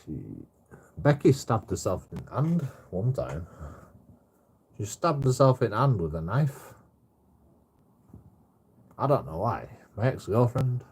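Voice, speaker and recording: A man rambles through a story in a relaxed, unscripted way, peppering every sentence with swearing and "you know". His voice sits low with a husky, slightly rough edge, and the delivery wanders and circles back on itself. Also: slow pace, pauses often. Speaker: storyteller recounting his own troubles. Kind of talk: casual rambling monologue.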